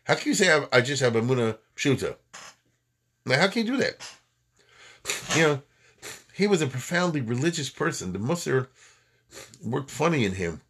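A man giving an informal lecture to a class. He talks conversationally, full of rhetorical questions and filler words. His pitch swings widely, leaping up when he stresses a point. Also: sing-song, normal speed, long pauses, a bit bright, slightly rough. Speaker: lecturer on Jewish history and thought.

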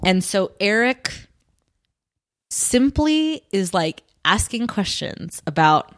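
A woman's voice: mid-range voice, very animated, slow pace. A young woman co-hosting a podcast, casually recapping a TV show in a rambling, chatty way. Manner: chatty, rambling, laughs often. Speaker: podcast co-host.

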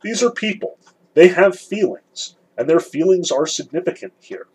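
A man's voice: high-pitched, lively intonation, normal speed, darkish tone, breathy edge, low-quality recording. A man teaching a literature lesson, explaining the scene step by step and weighing each side in turn. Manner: explanatory, weighs both sides repeatedly. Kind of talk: recorded lecture.

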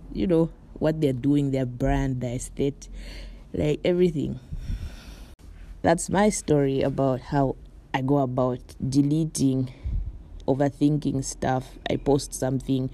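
This podcast host, a young Moroccan woman, has a deep, warm voice and chats casually from her bed on her solo show. Her talk rambles, with frequent "like" and "you know" fillers and light laughter.

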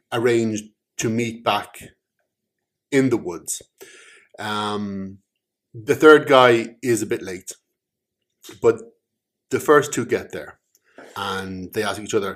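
Guy telling a joke real slow, low voice, lots of ums and restarts. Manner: rambling, many ums, self-correcting. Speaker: joke teller. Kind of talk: casual spoken joke.

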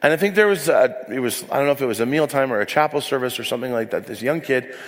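A man's voice: mid-range voice, expressive, quick pace, big-room sound. A man preaching as a pastor, telling candid, self-deprecating stories with frequent asides. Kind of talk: sermon. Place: church hall.

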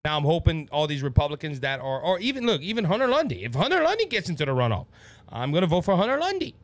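A man's voice: a little high, huge pitch swings, quick pace, dry recording. A man with a Louisiana accent hosting a political talk show, passionate and worked up, often stumbling and repeating words. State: worked up and sweating. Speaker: podcast host.

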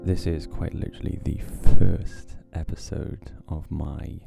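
A man's voice: very deep voice, steady tone, unhurried, vocal fry, over loud music. A man hosting his own podcast, talking casually in a rambling, wry, self-deprecating way into a close home mic. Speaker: podcast host. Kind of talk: casual solo podcast talk.

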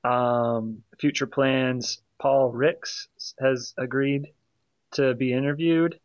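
A man's voice: mid-range voice, fairly even intonation, slow pace, no room sound, dull audio. A man hosting a casual podcast, easygoing as he wraps up and lists future guests. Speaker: podcast host. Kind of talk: casual chat.

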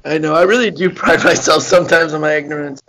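Young male podcast co-host, deadpan and self-mocking, slightly high voice. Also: quick pace, creaky, poor audio. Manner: dry, self-mocking and sarcastic. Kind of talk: casual chat.

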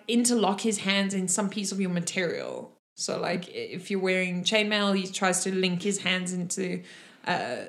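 A woman's voice: mid-range voice, fairly bright tone. A woman narrating as game master. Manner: casual, halting narration with fillers.

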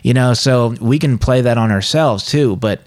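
A man's voice: medium pitch, moderate pace, a little mellow. A man co-hosting a casual Bible discussion podcast, talking in an earnest, confessional way. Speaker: podcast co-host.

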